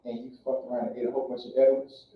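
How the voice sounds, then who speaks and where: A man's voice: mid-range voice, flat delivery, racing, heavy background noise. A man from Louisiana doing a loose, profane stand-up set, telling a story and throwing questions at the crowd. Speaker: stand-up comedian. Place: comedy club stage. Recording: echoey club from far off, dull sound.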